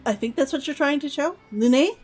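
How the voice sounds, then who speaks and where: A woman's voice: sits high, fast talker, soft background music. A woman streaming a game, chatting casually and giggling as she answers her chat.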